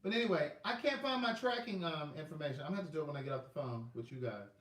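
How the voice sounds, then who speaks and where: Man, Southern US accent, rambling live-stream host, slightly high voice, echoey room. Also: very fast, a bit bright. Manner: chatty, rambling, talks to viewers by name while checking his phone. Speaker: livestream host selling books. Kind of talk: casual live chat with viewers.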